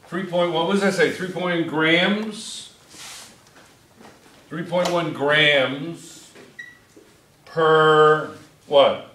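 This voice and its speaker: A man's voice: on the high side, a bit bright. A man teaching a chemistry review class, coaxing students with question after question. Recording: echoey classroom.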